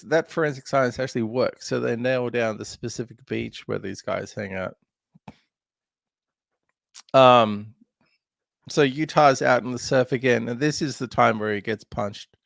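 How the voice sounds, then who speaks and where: Guy hosting a movie podcast, gravelly voice, chatty and laughing a lot, dry close sound. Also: mid-range voice, fairly bright tone, dry recording. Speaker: podcast host. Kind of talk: casual film discussion.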